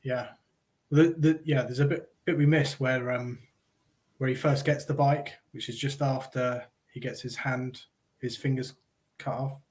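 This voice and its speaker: A man's voice: mid-range voice, fairly even intonation, unhurried, a little mellow. A man in casual chat, hesitantly filling in details with ums and restarts. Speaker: podcast co-host.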